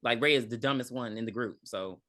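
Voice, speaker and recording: A woman co-hosting a podcast, casually retelling a movie's plot in a blunt, animated way with cursing. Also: rumbling low, brisk. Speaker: podcast co-host. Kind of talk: casual chat recapping a movie.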